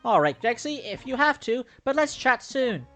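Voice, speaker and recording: A game player voicing a cheerful ten-year-old girl in a high, girlish voice. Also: sing-song, moderate pace, fairly bright tone, faint music behind.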